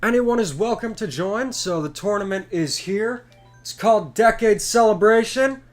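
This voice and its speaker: A congested man in his twenties talks through a live game stream, his stuffy voice pitched high. He chats in an excitable, rambling way, with soft game music in the background. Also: normal speed. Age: 20s. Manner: chatty and excitable. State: congested from a cold. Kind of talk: casual live stream chat.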